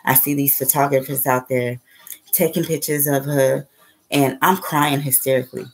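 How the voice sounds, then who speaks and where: A woman's voice: rumbling low, flat delivery, normal speed, a little hiss or hum, rough recording. A woman telling a story in a casual, rambling way. She swears freely and keeps checking in with "okay?" and "right?". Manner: rambling and profane, with frequent "okay?" and "right?" asides. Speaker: spiritual vlogger.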